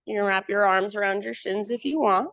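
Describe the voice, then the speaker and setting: A woman teacher guiding a live yoga class with calm, encouraging cues. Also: medium pitch, fairly quick, creaky, no room sound.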